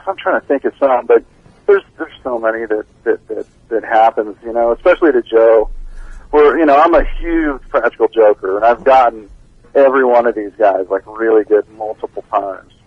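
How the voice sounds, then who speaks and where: A man giving a casual interview as a band's bassist, telling stories with a laid-back manner and frequent laughs. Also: normal speed, slightly rough, no echo. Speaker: band bassist, interview guest. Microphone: phone line. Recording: dull lo-fi phone call.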